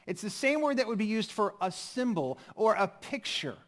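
A man with a high-pitched voice delivers a sermon as pastor. He is expressive, pressing hard on some phrases and dropping to a near-whisper on others. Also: moderate pace. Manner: expressive, swings from emphatic to hushed.

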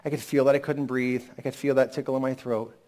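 Warm and medium-pitched, the pastor's voice keeps a level tone and quick pace as he gives a candid, conversational sermon with sudden emphatic rises. He's recovering from a lingering cold.

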